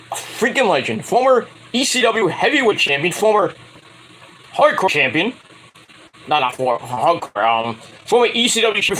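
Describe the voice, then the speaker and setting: A man's voice: sits high, fairly bright tone, a little hiss or hum, rough recording. A man ranting in a casual, rambling, profane style as a wrestling vlogger.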